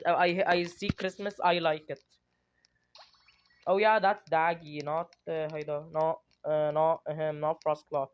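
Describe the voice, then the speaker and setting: A young adult streamer giving excited gameplay commentary, giggling, squealing and talking dramatically to themselves. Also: mid-range voice, clean tone.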